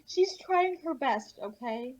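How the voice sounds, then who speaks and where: Young woman, dry jokey cohost, kinda muffled lo-fi mic, slightly high voice. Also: expressive, slow pace, a little mellow. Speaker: podcast co-host. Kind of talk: casual chat.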